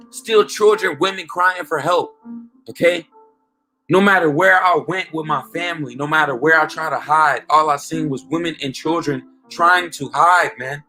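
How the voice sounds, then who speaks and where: A man gives an informal, emphatic street-style sermon with a slightly high voice. He drives each point home with repeated asides and questions. Soft music plays faintly underneath. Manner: emphatic, peppers talk with "man" and "okay?". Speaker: preacher.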